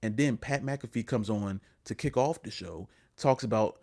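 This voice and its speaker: A man's voice: lowish voice, moderate pace, few pauses, darkish tone. A man co-hosting a wrestling podcast, ranting in casual chat and often repeating his words. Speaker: podcast co-host.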